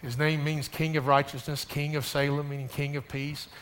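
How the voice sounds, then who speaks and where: A male pastor preaches to his congregation in a church sanctuary, his slightly high voice trailing into a long hall reverb. He restarts his phrases often and then climbs into loud, pressing emphasis. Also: flat delivery, normal speed. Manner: builds to loud, rising emphasis, many restarts; addresses the congregation directly. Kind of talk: sermon.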